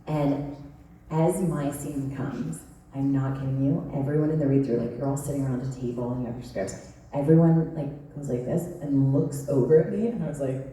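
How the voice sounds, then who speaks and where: A woman's voice: very deep voice, normal speed, dark tone, slight background noise. A woman in her thirties telling stories at a convention panel, chatty and laughing, with lots of "like". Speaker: panel guest actress. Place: large convention hall. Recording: echoey hall from far off.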